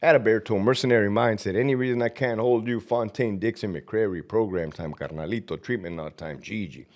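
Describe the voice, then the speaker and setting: A former prison lieutenant hosts a vlog in a fairly low voice, talking a little fast. He rants and rambles with profanity between long runs of viewer shout-outs.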